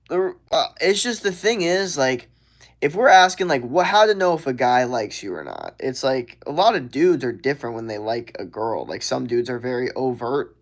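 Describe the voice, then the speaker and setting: A young man answers viewer questions on a casual livestream. He speaks at an ordinary middle pitch, loose and slangy, rambling with lots of fillers.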